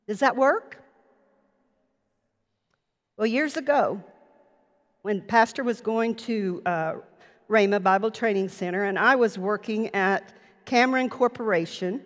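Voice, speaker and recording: A woman's voice: medium pitch, animated. A woman preacher telling a personal story in an earnest sermon, recorded in a church sanctuary. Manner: personal anecdote, earnest, slow. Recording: long reverb of a church hall.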